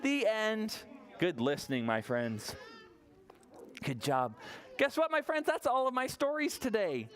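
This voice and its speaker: A woman librarian leading toddler story time, cheerful and encouraging, speaking slowly and plainly to small children in a library story room. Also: fairly low pitch, sing-song.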